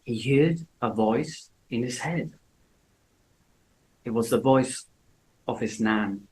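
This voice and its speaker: A man speaking very slowly and carefully, in a mid-pitched voice, as he tells a story for English learners. He spaces out his phrases so every word is easy to follow. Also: darkish tone, low-quality recording. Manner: slow, clear, deliberate delivery. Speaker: English teacher.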